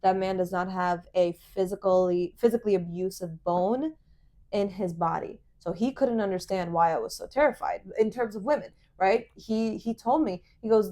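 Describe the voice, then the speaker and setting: A young woman hosting a podcast, telling a dating story in casual chat, animated and swearing, full of fillers. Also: mid-range voice, fairly quick. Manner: animated, swearing, many fillers, acts out quoted lines. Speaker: podcast host.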